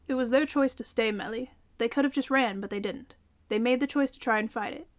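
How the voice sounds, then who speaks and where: Luke, a calm practical young man read by a woman. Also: fairly high pitch, brisk, natural voice. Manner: level and matter-of-fact.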